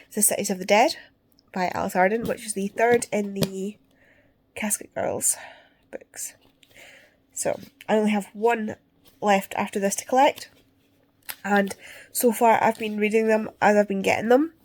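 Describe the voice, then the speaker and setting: A woman talks in a loose, rambling way, full of fillers and restarts. Her voice is going and she sounds stuffed up. She chats casually to her viewers at a middling pitch. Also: steady tone, a little slow, long pauses, a little mellow. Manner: rambling, chatty, with many fillers. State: losing her voice, congested. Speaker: book vlogger. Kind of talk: casual chat. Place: parked car, then at home.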